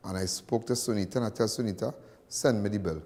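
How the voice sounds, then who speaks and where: A man's voice: fairly low pitch, fast, warm tone, big-room sound. A man with a Trinidadian accent hosting a live call-in crime talk show, rambling and folksy and repeating himself as he talks. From Trinidad and Tobago.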